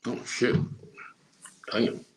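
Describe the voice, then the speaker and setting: A man's voice: drawn-out words, a little hiss or hum. A man co-hosting a casual live stream, making short, dry, laid-back remarks. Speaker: co-host.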